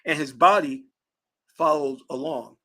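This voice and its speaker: A man from Virginia giving an emphatic, preaching spiritual lecture on a livestream, answering chat and stretching key words slowly. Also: a little high, bright, forceful tone. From Virginia, US South. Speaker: spiritual teacher and channel host.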